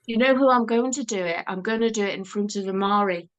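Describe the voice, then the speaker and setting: A woman's voice: medium pitch, fast, muffled recording. An older woman with a Liverpool accent, a guest telling stories in a casual chat. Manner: chatty, storytelling, lively.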